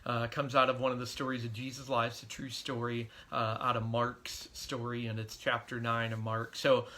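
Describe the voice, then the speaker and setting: A man's voice: medium pitch, flat delivery, moderate pace, bright, forceful tone. A middle-aged man, a pastor, giving a devotional sermon in an earnest, conversational storytelling way.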